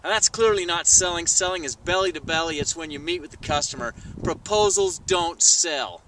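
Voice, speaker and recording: A man telling a sales story to camera in a vlog, animated and acting out the people he quotes. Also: a little high, moderate pace, distant mic, a little hiss or hum, low-quality recording. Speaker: sales trainer. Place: outdoors.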